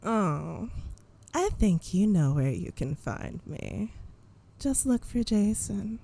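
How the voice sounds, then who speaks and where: A woman voicing a spiteful female rival who taunts in a low, mocking way. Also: very animated, slow, dark tone, a little hiss or hum. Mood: taunting.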